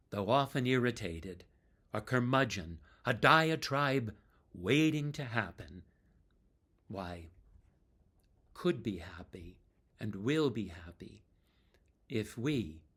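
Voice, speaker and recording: Slow, lively-voiced male storyteller. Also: lowish voice, breathy edge. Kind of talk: told tribute story.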